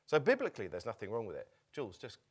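A man preaching a sermon as pastor, animated, laughing easily and breaking off into halting restarts. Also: medium pitch, breathy edge.

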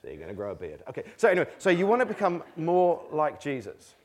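A man delivering a conversational sermon to a live congregation, his pitch rising and falling in a very animated way. He keeps it informal with a self-mocking sense of humor and slips quick laughs in between his points. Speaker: preacher. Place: church meeting with a live congregation.

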